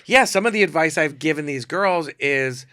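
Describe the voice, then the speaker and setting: A man's voice: fairly high pitch, normal speed, smooth, no room sound, studio quality. A man telling comic stories as a guest on a podcast, acting out the dialogue. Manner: animated storyteller who acts out quoted dialogue. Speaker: celebrity photographer, podcast guest. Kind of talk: comic storytelling in a podcast interview.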